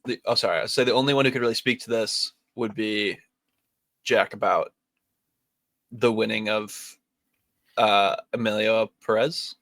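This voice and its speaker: A man's voice: on the low side, fairly even intonation, a little slow, long pauses, a bit bright, no room sound. A young man hosting a podcast, chatting casually and enthusiastically, often saying dude. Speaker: podcast host. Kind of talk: casual chat.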